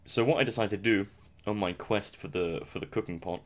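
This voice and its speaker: A man's voice: on the low side, fairly quick. A young man giving casual, rambling commentary over a survival game, self-mocking and chuckling often. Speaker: gameplay commentator.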